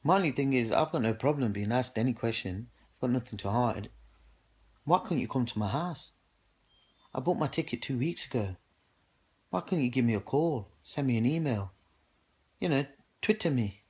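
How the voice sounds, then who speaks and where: An indignant man with a British English accent tells his own story straight to camera, his voice sitting at an ordinary middle pitch. He talks in an aggrieved, personal way, retelling what happened and quoting his own words again and again. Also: expressive, moderate pace, long pauses, darkish tone, slightly rough. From United Kingdom. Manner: indignant, recounting with repeated "I go" quotes of himself. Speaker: man speaking out on social media.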